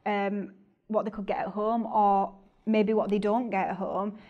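A woman's voice: mid-range voice, little pitch movement, measured pace, lo-fi sound. A woman teacher hosting a podcast, thinking aloud hesitantly with lots of ums and you knows. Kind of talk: casual podcast chat.

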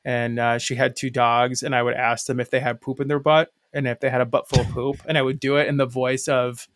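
A man's voice: medium pitch, little pitch movement, brisk, fairly bright tone, dry recording, clean studio sound. A man co-hosting a podcast, chatting loosely and telling rambling stories full of filler words. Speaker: podcast co-host. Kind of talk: casual chat.

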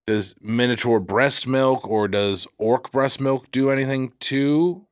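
A man's voice: medium pitch, slow pace, clear, resonant tone, dry recording, clean studio sound. A man co-hosting a podcast, casual, with joking, stumbling asides. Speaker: podcast co-host. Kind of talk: casual chat.

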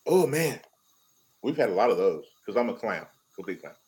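A man's voice: on the low side, very animated, moderate pace, a little mellow, rough recording. A man on a podcast panel speaking candidly and emotionally about family life in casual chat. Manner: candid, emotional, talks in restarts.

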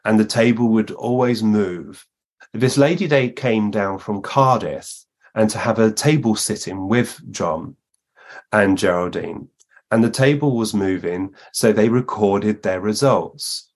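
Man guest on a talk show, lowish voice, tells stories and voices the people in them. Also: measured pace. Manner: narrates at length, acting out the speakers he quotes. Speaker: guest medium. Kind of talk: storytelling anecdotes in conversation.

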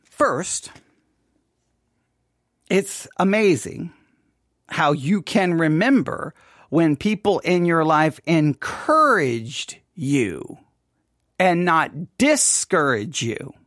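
Male pastor podcast host, emphatic commentary, lively pitch, dry close sound. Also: very slow, long pauses, no room sound. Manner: animated, emphatic, repeats words for effect. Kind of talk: sermon review commentary.

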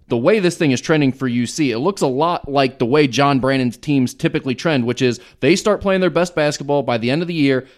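A man giving confident, emphatic basketball analysis on a podcast. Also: medium pitch. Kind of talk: casual sports chat.

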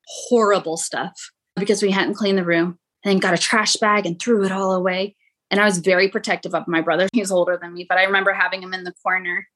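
A young adult woman, a podcast guest, telling her own painful story in a halting way, with many "like" fillers. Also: mid-range voice. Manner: halting, frequent "like" fillers, quotes others in raised voice. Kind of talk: emotional personal storytelling.

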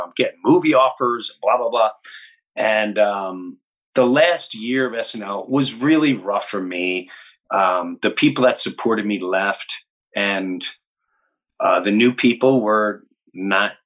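A man in his fifties, a guest comedian telling stories in an interview, animated and acting out other people's lines. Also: lowish voice, breathy edge. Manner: animated, acts out quotes in other voices. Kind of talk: storytelling in an interview.

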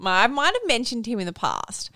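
A woman's voice: fairly high pitch, normal speed, no echo. A woman in her thirties from Australia, co-hosting a podcast and telling a story with lots of laughter. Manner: giggly, animated storytelling. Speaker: podcast co-host. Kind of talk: casual chat.

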